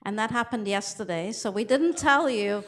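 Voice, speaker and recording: A woman's voice: a little high, lively intonation, moderate pace, a bit bright. A woman making a casual, plain-spoken announcement to a synagogue congregation. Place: synagogue sanctuary.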